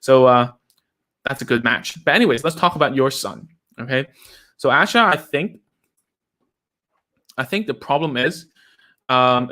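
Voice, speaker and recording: A man hosts a live session, giving casual advice as a speech therapist. His pitch is mid-range for a man. He talks in a chatty way, leaning on fillers and tag questions. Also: sharp tone. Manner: chatty, uses many fillers like "like" and "right?". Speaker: speech therapist host answering viewer questions.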